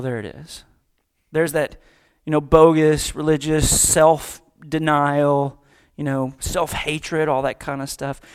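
A man preaching a casual, joking sermon, acting out quick voices as he talks. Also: fairly high pitch. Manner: conversational, joking, acts out voices. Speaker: pastor.

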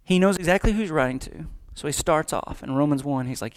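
A man preaching a casual, joking sermon, acting out quick voices as he talks. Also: on the high side. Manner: conversational, joking, acts out voices. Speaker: pastor.

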